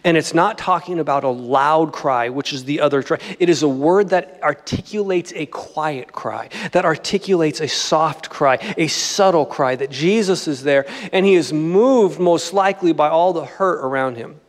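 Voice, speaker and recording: A man's voice: fairly high pitch, moderate pace, few pauses, in a large hall. A man preaching a sermon as pastor, in a conversational, joking style. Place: church sanctuary.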